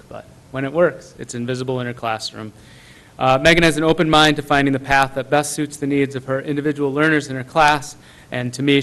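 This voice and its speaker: A man's voice: mid-range voice, fairly bright tone, poor audio. Earnest man reading a staff tribute. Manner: earnest, many ums and uhs. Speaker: technology coordinator.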